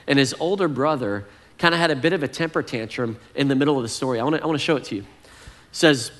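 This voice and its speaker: A man delivering a sermon as if chatting with his congregation. His voice sits at a middle pitch, and he leans on fillers and friendly asides. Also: fast talker. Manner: conversational, relaxed, fillers like "kind of". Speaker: pastor.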